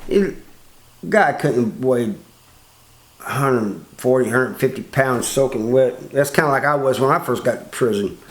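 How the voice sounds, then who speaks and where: A man's voice: medium pitch, unhurried. An older man with a Southern American accent tells a prison story in a laid-back, drawling way and often repeats words. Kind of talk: casual spoken storytelling. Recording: roomy echo.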